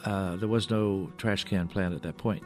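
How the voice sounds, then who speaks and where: An older man, a puppeteer, telling stories in a halting, rambling way as a guest in a radio studio. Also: low voice, steady tone, soft background music. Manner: rambling, halting, full of restarts. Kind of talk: radio interview storytelling.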